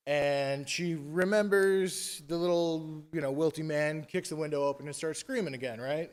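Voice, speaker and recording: A man retelling a fairy tale at a conference in a casual, animated, chatty way. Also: on the high side, normal speed, few pauses. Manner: animated, chatty, tag questions. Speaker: conference speaker. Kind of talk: casual storytelling talk.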